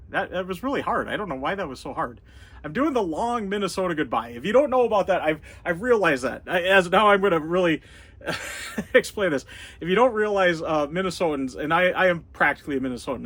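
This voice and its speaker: A man's voice: fairly high pitch, a bit bright. Rambling Upper Midwest American man. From North Dakota. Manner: rambling, chuckles often. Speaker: YouTuber. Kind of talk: casual vlog chat.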